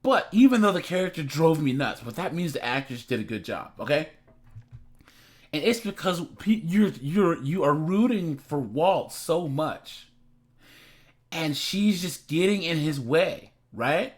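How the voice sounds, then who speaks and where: A man's voice: a little high, lively intonation, a little slow. A man hosting a reaction channel, chatting casually and rambling, repeating words and laughing often.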